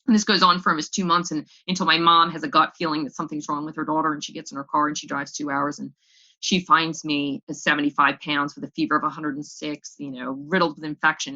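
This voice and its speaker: A woman's voice: sits low, sharp tone. Candid woman telling her recovery story. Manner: candid and raw, repeats words when emotional. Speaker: AA speaker sharing her story. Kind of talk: personal recovery testimony. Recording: dull lo-fi recording.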